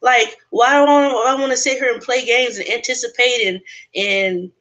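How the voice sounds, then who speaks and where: Direct, bright-voiced woman host. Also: fairly high pitch, normal speed. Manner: blunt and direct, animated. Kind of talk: casual round-table chat.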